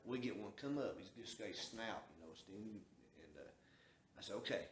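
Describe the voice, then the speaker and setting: A Southern US man with a fairly low, animated voice spins a lengthy yarn at a normal pace, drawling folksily and performing the lines of the people in the story. It's casual storytelling captured in an echoey room with a little hiss or hum.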